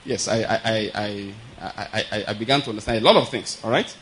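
A man's voice: on the low side, a little fast, a bit bright, slight background noise, low-quality recording. A man giving a conversational sermon, laughing often and asking his listeners whether they follow. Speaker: preacher.

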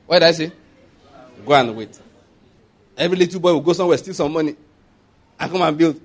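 High-voiced preacher. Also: male voice, a little fast, pauses often. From Nigeria. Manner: conversational preaching with asides and laughter, call-and-response. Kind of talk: sermon.

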